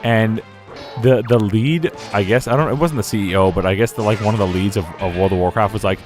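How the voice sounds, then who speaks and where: A man's voice: fairly low pitch, expressive, brisk, music in the background. A young man streaming a game, rambling casually, laughing often and slipping into silly quoted voices. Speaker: gaming streamer. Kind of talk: casual live-stream commentary.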